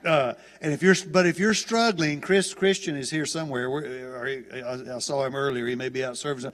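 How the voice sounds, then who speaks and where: A guest preacher with a Southern US accent gives a folksy, chatty sermon full of restarts in a church auditorium, where the hall's reverb is long. His mid-range voice is brisk and fairly bright.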